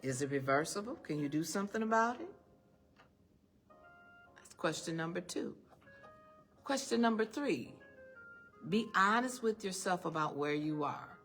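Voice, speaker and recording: A woman's voice: fairly low pitch, lively intonation, measured pace, pauses often, fairly bright tone, faint music behind. A woman giving an emphatic, faith-based motivational talk to a live audience, firing off rhetorical questions and calling listeners "honey". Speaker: speaker addressing a live and online audience. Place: event room with an audience.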